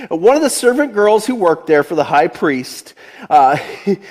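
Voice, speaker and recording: A man's voice: sits high, very animated, measured pace. A man in his forties with a Delaware accent, a pastor giving a casual, conversational sermon, laughing often and restarting his sentences. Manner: chatty, laughs often, many restarts and fillers.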